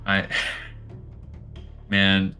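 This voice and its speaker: A man from New York City telling an excitable anecdote as a podcast guest. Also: sits low, drawn-out words, muffled recording, soft background music. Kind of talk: casual podcast chat.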